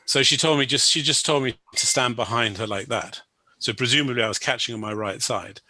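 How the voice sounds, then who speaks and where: A man's voice: mid-range voice, a little fast, sharp tone, a little hiss or hum. A man telling a personal story as a guest, rambling, with many restarts and "you know"s.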